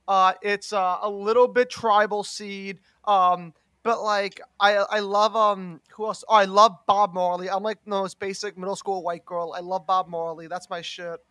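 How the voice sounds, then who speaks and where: A man's voice: high-pitched, pushed and bright, dry recording, studio quality. A young man hosting a casual chat, rambling with lots of "like" and frequent laughs. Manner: rambling, heavy use of "like", laughs often.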